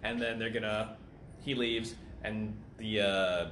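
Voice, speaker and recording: A man's voice: on the low side, fairly even intonation, slow pace, a bit bright. A man co-hosting a casual podcast chat, retelling a story in a loose, rambling way full of fillers. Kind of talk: casual chat recapping a TV episode. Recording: echoey room, faint background noise.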